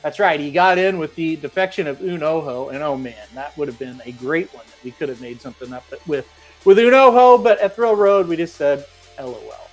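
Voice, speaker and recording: A man's voice: fairly high pitch, fairly quick, faint music behind. A man hosting a horse racing show, reading out viewer comments in a casual, chatty way and joking as he goes. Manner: joking, chatty, laughs between remarks.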